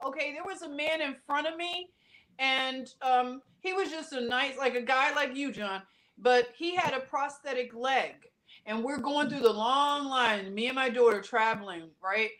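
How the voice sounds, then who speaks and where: A woman guest on a podcast, telling a story with passion and bursting out loudly at times, in quick runs full of restarts. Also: high-pitched. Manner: impassioned, animated storytelling with sudden loud outbursts; talks in quick runs with many restarts and fillers. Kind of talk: casual podcast conversation.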